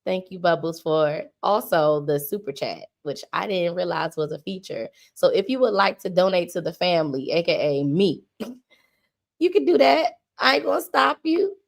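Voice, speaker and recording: A woman's voice: on the low side, expressive, moderate pace, creaky. A woman hosting a livestream, giving a heartfelt mock-funeral tribute in a homey, sermon-like cadence. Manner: homey and emotional, slipping into churchy cadence. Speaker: livestream host.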